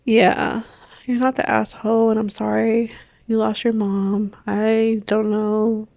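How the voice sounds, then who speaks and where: A woman's voice: a little high, little pitch movement, slow pace, gravelly, a little mellow, dry recording. A woman co-hosting a podcast in casual chat, telling stories animatedly and acting out both sides of the exchange. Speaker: podcast co-host.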